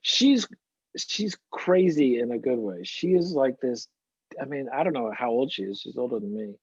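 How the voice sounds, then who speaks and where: A man, an actor guest, telling stories in a relaxed interview with lots of restarts. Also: mid-range voice, normal speed, breathy edge, no echo. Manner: anecdotal, warm storytelling with frequent restarts. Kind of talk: casual interview chat. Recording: muffled, dry lo-fi audio.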